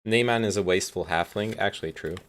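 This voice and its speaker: A man with a low-pitched, fairly bright voice talks fast while livestreaming a reaction to a video. He chats casually, swears often, laughs, and keeps talking as he eats.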